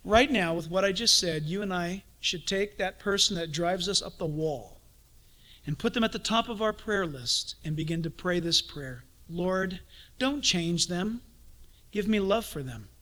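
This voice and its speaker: A man preaching a sermon as pastor, animated, swinging from sudden shouts to hushed asides. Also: high voice, moderate pace.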